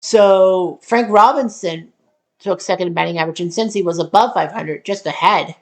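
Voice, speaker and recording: Gravelly, rambling woman host thinking aloud. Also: fairly low pitch, normal speed. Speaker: channel host. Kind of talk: casual walkthrough of a simulated sports tournament.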